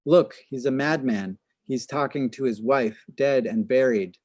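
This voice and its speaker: A man voicing a scornful young woman, his pitch lifted slightly. The recording is dry and close. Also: a little slow, darkish tone, no room sound, natural voice.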